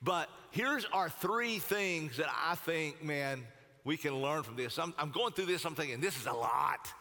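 A male pastor retells scripture in a casual, animated way, sprinkling in slang as he goes. His voice is bright and somewhat high. It rings with the long reverb of a church sanctuary. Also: unhurried. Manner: lively, casual, peppered with slang. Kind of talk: sermon storytelling.

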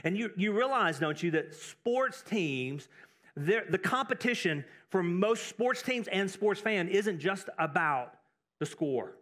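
A man with a notably high voice preaches to his church in a loose, talky way. He wanders into asides and doubles up his words to stress a point. He grew up in Texas. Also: lively intonation, slow pace, a bit bright. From Texas, United States. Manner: conversational, with asides and repeated words for emphasis. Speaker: pastor. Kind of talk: sermon.

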